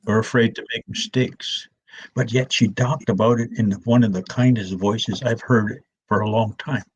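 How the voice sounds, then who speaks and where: An older man, an elder telling stories in a gentle, slow way, often restarting his words, with a husky voice. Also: lowish voice, fairly even intonation. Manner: soft, slow and repetitive, with many restarts. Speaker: elder storyteller. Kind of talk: gentle storytelling talk.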